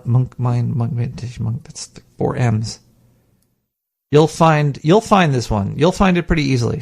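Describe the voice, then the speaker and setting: A podcast host with a fairly high, creaky voice rambles casually and profanely into a studio mic about meditation and self-hypnosis. He is animated and imitates his own inner voice as he goes.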